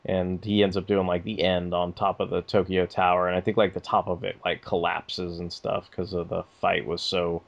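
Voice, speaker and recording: A man's voice: sits low, level tone, normal speed, creaky, few pauses, lo-fi sound. A man co-hosting a podcast, chatting casually in a rambling way with lots of fillers and swearing. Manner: rambling, filler-heavy, profane. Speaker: podcast co-host. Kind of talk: casual chat.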